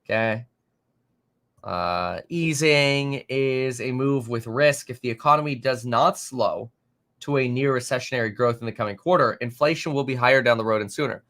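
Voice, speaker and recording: A man hosting a live market stream, reading viewer comments aloud and reacting in an animated, exasperated, rambling way with many fillers. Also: mid-range voice, moderate pace. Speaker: market livestream host.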